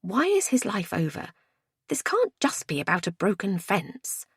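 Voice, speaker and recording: A woman's voice: mid-range voice, very animated, measured pace, creaky, husky, no room sound, studio quality, voice pushed up, exaggerated voice. A woman voicing an anxious, urgent woman on holiday in an audiobook thriller.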